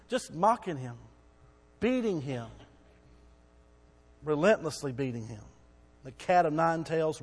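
Man, preacher, sermon, high voice, dramatic storytelling, long hall reverb. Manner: dramatic storytelling, shouting quoted crowds.

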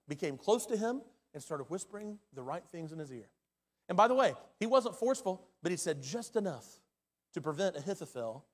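A man preaching a sermon as pastor, his delivery swinging from loud and urgent to hushed and quiet. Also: sits high. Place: church sanctuary. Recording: long hall reverb.

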